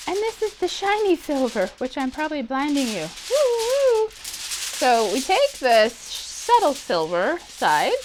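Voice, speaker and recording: Woman, art teacher, high voice, lively pitch, playful, chatty craft tutorial. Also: slight background noise. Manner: chatty, playful, upbeat, talks while working.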